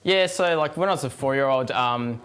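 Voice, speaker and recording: A teenage Australian lad being interviewed, talking in halting bursts full of ums and likes. His voice sits in an ordinary middle pitch. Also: fairly bright tone, clear, resonant tone. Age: teens. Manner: hesitant, lots of fillers. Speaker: guest racing driver. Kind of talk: casual interview.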